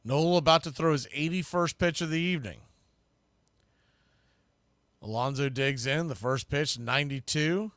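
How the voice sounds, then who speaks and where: A play-by-play man with a fairly high voice calls a baseball game pitch by pitch, mulling over strategy in an easy, conversational way. He gets louder when a pitch turns the at-bat. The sound is dry and close, with no room around it. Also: normal speed, pauses often, no room sound. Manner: conversational, analytical, bursts louder on big pitches. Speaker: play-by-play announcer.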